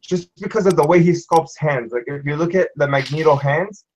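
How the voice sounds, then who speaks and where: A man's voice: a little high, a little fast, slight background noise. A man on a collectors' panel, talking in a rambling way and often asking "you know what I mean". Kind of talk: casual panel chat. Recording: dull lo-fi sound.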